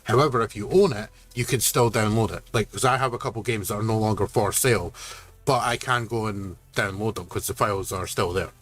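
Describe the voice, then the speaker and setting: A man's voice: fairly low pitch, fairly quick, a bit bright. A man chatting casually on a gaming stream, rambling with restarts and casual swearing.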